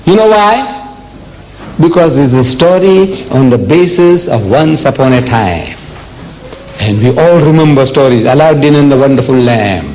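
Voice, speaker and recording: An older man from South Africa giving a public religious lecture, emphatic and deliberate, with rhetorical questions to the audience. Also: medium pitch, animated, darkish tone, a little hiss or hum, low-quality recording. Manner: slow, deliberate delivery with dramatic pauses.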